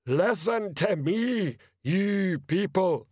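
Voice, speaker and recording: A man voicing a huge, slow-witted male troll sergeant who bellows and stumbles over long words, in an audiobook. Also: fairly high pitch, no echo, studio quality, voice pushed up. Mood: bellowing. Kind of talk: audiobook character voice.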